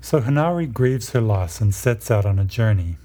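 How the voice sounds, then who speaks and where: A man with a very dark, mellow and somewhat husky voice, speaking in a low register. He lectures in a measured, explanatory way, walking listeners through ideas step by step. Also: lively intonation. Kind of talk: lecture on myth and psychology.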